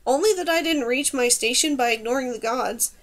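Storybook warrior woman, stern and blunt, read by a woman narrator; dry, higher voice. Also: brisk.

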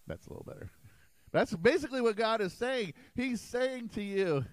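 Emphatic, animated preaching man. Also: extremely high pitch, normal speed, no echo, low-quality recording. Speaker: pastor. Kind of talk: sermon. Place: church sanctuary.

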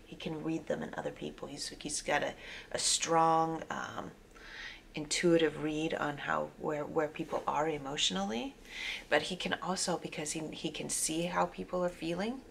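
Female tarot reader, lowish gravelly voice, rambling casual delivery with fillers, slips into near-whispers, faint background hiss. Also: a bit bright. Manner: meandering, with frequent fillers and self-corrections. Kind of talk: casual spoken tarot reading.

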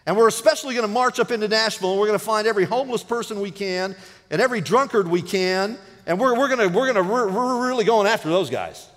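A male pastor delivering a sermon in a long-reverb sanctuary. His voice sits high and moves through a very wide range, rising to emphatic peaks and falling to hushed, low-spoken phrases. The hall carries a long echo behind every line. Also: expressive, fast talker. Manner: dynamic preaching, drops to a hushed low voice for emphasis. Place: church sanctuary.

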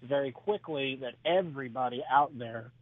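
A man who is a stand-up comedian telling his act in an interview, halting and full of "uh"s, chuckling between jokes. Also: medium pitch, no room sound. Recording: dry tinny phone line.

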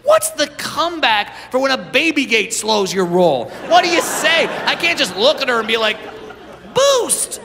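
A man doing a live stand-up set, brash and raunchy, shouting his punchlines to the audience. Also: very high voice, big pitch swings, normal speed, creaky, hardly any pauses. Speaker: stand-up comedian. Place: stage in a large venue before a live audience. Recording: reverberant live venue with loud crowd noise.

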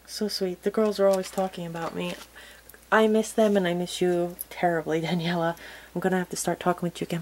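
A woman hosting a crafting channel, chatting casually to viewers in a soft, gushing way that often drops to a murmur. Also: fairly low pitch, a little hiss or hum, low-quality recording. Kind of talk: casual unboxing chat to viewers.

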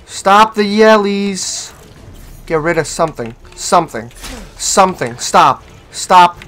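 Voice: mid-range voice, lively intonation, takes it slowly, fairly bright tone, soft background music. A gaming channel host giving let's-play commentary, swearing freely, taunting the enemy and yelping when startled.

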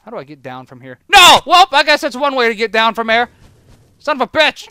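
A let's-play gamer giving excited gameplay commentary, yelping in panic, swearing and pleading with the creatures that attack. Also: sits high, brisk, clear, resonant tone. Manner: panicky, yelps and swears at enemies; talks to the creatures in the game.

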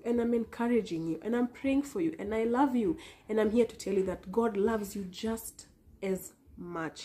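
A woman gives an earnest, emotional religious testimony to her viewers, pleading and sometimes dropping to soft whispered repeats. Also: medium pitch. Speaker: vlogger sharing a testimony. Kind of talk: heartfelt religious testimony and encouragement.

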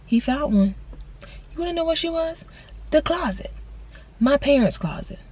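A woman in her twenties telling a personal story on a vlog, casual and slangy, jumping her voice high for quoted lines. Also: normal speed. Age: 20s. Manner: animated storytelling with big voice jumps for quoted lines; casual slangy talk, addresses viewers as y'all. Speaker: vlogger.

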